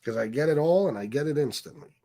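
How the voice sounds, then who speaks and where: Heated, animated male livestream ranter. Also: on the high side, quick pace. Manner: angry, profane and mocking, with many fillers. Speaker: streamer host. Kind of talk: ranting live stream commentary.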